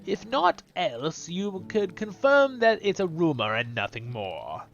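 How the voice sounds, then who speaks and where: A man's voice: sits high, very animated, measured pace, vocal fry, fairly bright tone, highs cut off, pitched above the performer's own voice, exaggerated voice. A man voicing a worried innkeeper in a video game, with a put-on Irish or Scottish accent, reading stiffly with stumbles. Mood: fretful. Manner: reads quest text aloud with stumbles. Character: grumbling male innkeeper fretting over his haunted inn.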